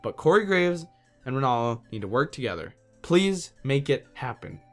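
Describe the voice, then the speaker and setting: A man's voice: mid-range voice, very animated, normal speed, faint music behind. A man hosting his own podcast, ranting in an exasperated, casual, slangy way. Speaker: podcast host. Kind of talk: solo wrestling podcast rant.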